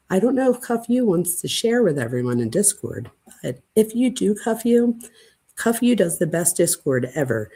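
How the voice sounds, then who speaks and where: A woman hosting a casual late-night livestream chat, gushing and excitable, dramatic by her own account, and often breathless. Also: lowish voice, slightly rough. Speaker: channel host.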